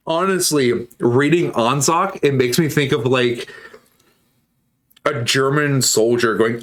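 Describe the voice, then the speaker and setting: A man's voice: medium pitch, slow, pauses often. A male streamer talking casually while he assembles models on stream. He rambles, makes jokes and stops to answer messages from his chat.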